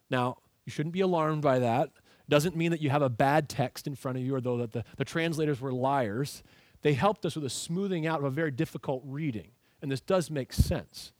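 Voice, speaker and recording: A man's voice: a little high, no room sound. Emphatic preacher man, dry close sound. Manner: expository teaching, rhetorical questions, emphatic. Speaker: pastor. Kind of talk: sermon.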